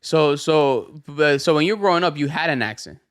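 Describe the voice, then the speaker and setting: A man's voice: on the high side, fairly quick. Chatty podcast host, man. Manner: eager, agreeing often, mixing Spanish and English. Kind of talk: casual podcast chat.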